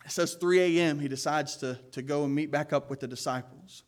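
A male pastor delivers an earnest sermon with a voice that sits a bit higher than most men's. He stresses key words emphatically and drops into casual asides to the church. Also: brisk.

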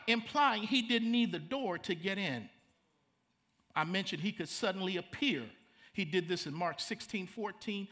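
A man's voice: high-pitched, pushed and bright. A middle-aged man preaching a sermon. He reads scripture aloud and comments on it with dramatic emphasis. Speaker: pastor.

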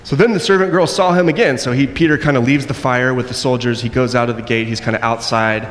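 A man preaching a sermon, acting out the quoted voices and moving between loud and soft passages. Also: medium pitch, a little fast, hardly any pauses. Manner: acts out quoted voices, varies loudness widely. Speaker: pastor. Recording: long echo in a hall, faint noise.

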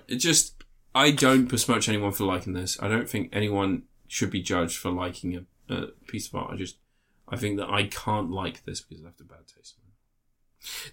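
Sweary man chatting on a podcast. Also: on the low side. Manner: sweary, animated, laughs a lot. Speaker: podcast co-host. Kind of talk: casual film review chat.

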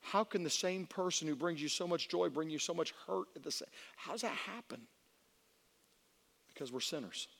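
A middle-aged man delivers a sermon with a bright, forceful voice pitched a little high. He tells his stories by swinging from quiet passages to loud, shouted appeals. His voice rings through a large church hall with a long reverb tail. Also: normal speed, vocal fry. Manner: storytelling preacher who swings from hushed to shouting. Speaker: youth pastor.

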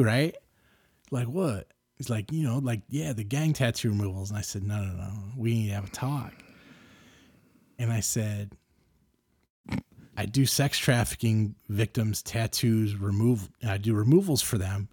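A middle-aged man hosting a podcast, telling a story casually and getting animated and louder as he gets worked up. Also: medium pitch, measured pace, pauses often, slightly rough, no room sound, clean studio sound. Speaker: podcast host.

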